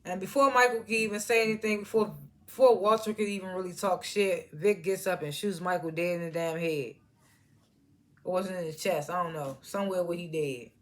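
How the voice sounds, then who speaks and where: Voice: mid-range voice, steady tone, fairly quick. A TV reviewer casually recapping an episode in loose, slangy storytelling and chuckling at the scenes. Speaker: TV show reviewer.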